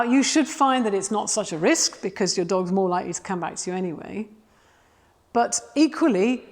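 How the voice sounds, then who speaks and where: A woman's voice: medium pitch, in a large hall. A woman dog trainer giving practical, matter-of-fact instruction, filmed outdoors. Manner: practical and matter-of-fact, turns bright and gushing when praising the dog. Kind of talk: instructional video.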